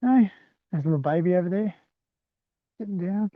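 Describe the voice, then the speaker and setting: A man's voice: high-pitched, fairly quick, no echo. A man walking a rural rail trail outdoors and chatting loosely to livestream viewers from a handheld phone. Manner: chatty, rambling, addresses viewers as guys. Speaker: livestreaming walker. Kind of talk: live walking vlog. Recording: thin phone-like sound, dry.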